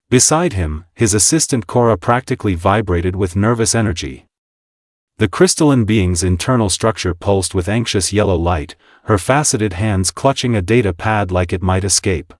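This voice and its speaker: A man's voice: lowish voice, normal speed, no room sound, clean studio sound. A man narrating a scripted sci-fi story with a wry, sardonic delivery.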